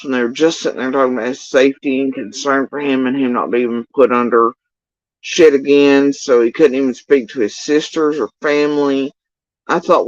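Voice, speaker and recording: A man's voice: a little high, no echo. A man, ranting on a livestream and acting out other people's lines with lots of swearing. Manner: profane, animated storytelling with acted-out quotes. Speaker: livestream commentator. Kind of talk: casual ranting monologue. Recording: dull, dry lo-fi recording.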